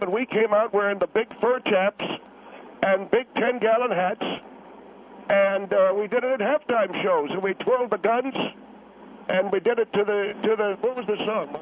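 A man voicing an elderly male Korean War veteran who calls in on a tinny phone line and rambles, halting and repeating himself. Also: high-pitched, slight background noise, pitched above the performer's own voice, lightly acted. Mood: earnest rambling. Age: over 70. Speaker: caller.

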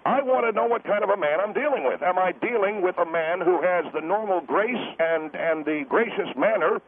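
A man's voice: high-pitched, animated, moderate pace. A man voicing a pompous middle-aged taxpayer advocate who calls in to a radio show, lecturing and refusing to be interrupted. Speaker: caller guest. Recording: tinny phone line.

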